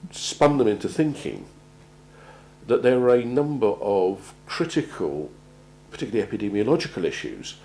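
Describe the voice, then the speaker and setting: Low-voiced man giving a measured talk. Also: a little mellow, a little hiss or hum, rough recording. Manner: measured, halting, repeats words while finding them. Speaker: presenter on organisational crisis planning. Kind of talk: prepared talk to an audience.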